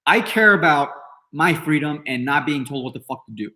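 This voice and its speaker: A man's voice: on the high side, animated, normal speed, pushed and bright. Brash swearing man in his thirties. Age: 30s. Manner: brash, heavy swearing, rambling with fillers. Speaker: podcast host. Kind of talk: casual live-stream talk, answering chat.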